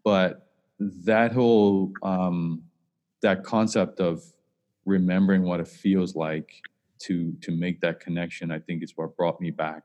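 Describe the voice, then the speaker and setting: Deep-voiced man hosting a podcast. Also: steady tone, darkish tone, highs cut off. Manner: reflective, halting, many fillers. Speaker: podcast host. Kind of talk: casual podcast interview. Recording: long hall reverb.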